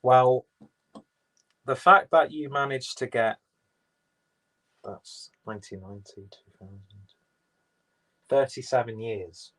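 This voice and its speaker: A man's voice: medium pitch, slow pace, long pauses, fairly bright tone, low-quality recording. A man with an English accent, hosting a casual livestream and reading viewers' comments aloud, rambling and swearing freely. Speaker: livestream host reading chat.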